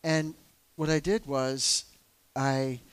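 A man's voice: mid-range voice, steady tone, takes it slowly, clear, resonant tone, dry recording. A middle-aged man and church elder telling a personal story in casual talk, candid and self-deprecating, with many fillers.

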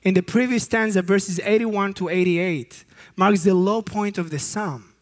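A man's voice: high-pitched, unhurried. A man preaching a sermon as a youth ministry director, earnest and emphatic, with occasional slips and restarts.

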